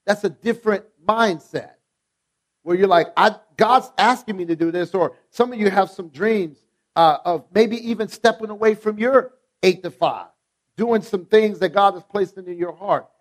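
A man preaching a sermon, emphatic and rhythmic, repeating his phrases and prompting the congregation to answer back. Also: sits high. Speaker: pastor. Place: church sanctuary.

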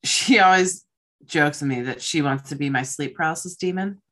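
A young woman hosting a casual chat podcast, telling stories in a rambling, excitable way with casual swearing. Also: low voice, moderate pace. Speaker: podcast host.

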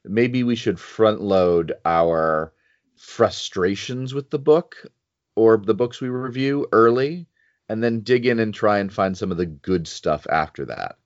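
Low-voiced male co-host, easygoing and steady, dry muffled audio. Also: a little slow, no room sound. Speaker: podcast co-host reviewing a game book. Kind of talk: casual chat.

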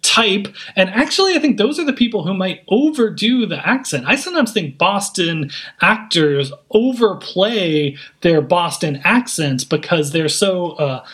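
A man co-hosting a podcast, taking up the counterargument in a measured, polite way during a casual debate. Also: high-pitched, expressive, a bit bright. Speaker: podcast co-host.

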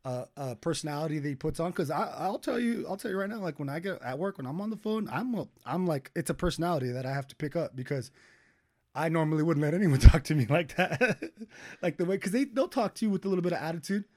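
A young man co-hosting a casual podcast chat, animated and swearing freely, laughing often. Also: a little high, fast talker. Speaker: podcast co-host.

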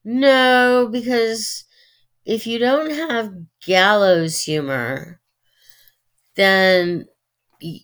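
A middle-aged woman with a Californian Valley accent, talking earnestly as an interview guest, with many pauses and fillers. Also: mid-range voice, fairly bright tone, clean tone. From United States. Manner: earnest, opinionated, halting with fillers. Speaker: guest, actress and writer. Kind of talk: interview conversation.

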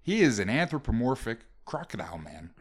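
A man co-hosting a casual comedy podcast, riffing with deadpan, offbeat jokes. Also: medium pitch, a little fast, husky. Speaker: podcast co-host.

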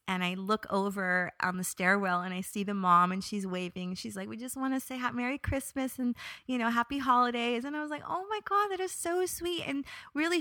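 Bright-voiced woman telling a personal story. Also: mid-range voice, dry recording. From New York area. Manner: expressive, animated when quoting herself, reflective. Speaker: podcast host.

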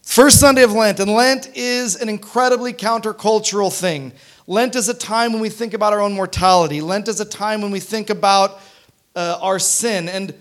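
A man preaching a sermon as pastor, conversational, often checking in with the congregation. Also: high-pitched. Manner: conversational, frequent tag questions.

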